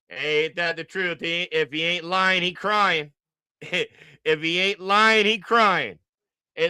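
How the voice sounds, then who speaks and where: A man hosting a livestream, mocking and joking through his reaction commentary. His voice is high, bright and smooth, and he drawls his jokes out slowly. The sound is close and dry. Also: no room sound. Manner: teasing, joking, drawn-out repetition. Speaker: livestream host.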